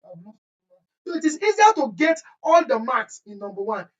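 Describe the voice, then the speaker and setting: A woman's voice: fairly high pitch, very animated, brisk, dull audio. A woman chemistry teacher, giving an exam-prep lesson in an emphatic, scolding way that repeats key points. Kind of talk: exam-prep lesson, screen-share walkthrough.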